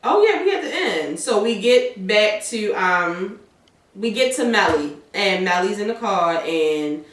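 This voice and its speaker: A woman's voice: medium pitch, a little slow. A woman in casual chat, animatedly retelling a TV episode with plenty of profanity. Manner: animated retelling with acted-out quotes, heavy profanity. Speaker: podcast co-host recapping a TV episode. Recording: echoey room from far off the mic.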